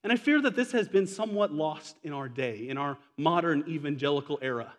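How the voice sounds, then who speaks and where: A male pastor in his forties with a high voice delivers a sermon in a conversational way, tossing rhetorical questions and casual asides to his congregation. His voice rings out with a long hall reverb around it. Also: expressive, fairly quick.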